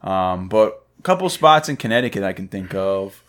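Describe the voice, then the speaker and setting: Casting: male podcast co-host, lowish voice, easygoing storyteller. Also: normal speed. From Northeastern US. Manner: laid-back, animated storyteller. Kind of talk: casual chat.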